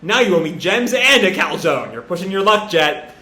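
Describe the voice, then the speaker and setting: A man reading comic lines aloud as a cocky, loud young male hawk leader, boastful and bossy. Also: high-pitched, very animated, normal speed, exaggerated voice. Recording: roomy echo.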